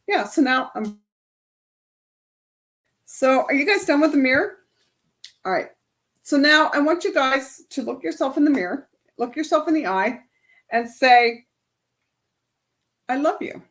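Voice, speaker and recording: A woman's voice: high-pitched, expressive, unhurried, pauses often, fairly bright tone. A middle-aged woman life coach leading a self-help workshop in a casual, chatty way, often ending her points with "right?". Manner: chatty, tags lines with "right?". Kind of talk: casual workshop talk to a group.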